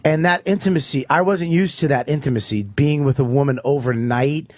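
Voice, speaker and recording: A man's voice: medium pitch, a little fast, no echo. A man, a comedian, telling a profane ranting story in casual radio talk. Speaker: comedian guest.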